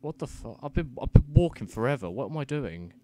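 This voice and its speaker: A young man, giving flustered, self-mocking let's-play commentary with sudden loud outbursts and muttered swearing. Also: mid-range voice, sing-song, fairly quick, slight background noise. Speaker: gaming commentator.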